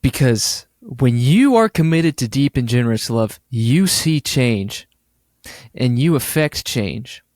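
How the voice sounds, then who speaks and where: A man co-hosting a casual podcast who talks very slowly in an earnest, mock-sentimental way. His voice sits at an ordinary pitch and is recorded dry and close, with no room sound. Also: expressive, darkish tone, no echo. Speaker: podcast co-host.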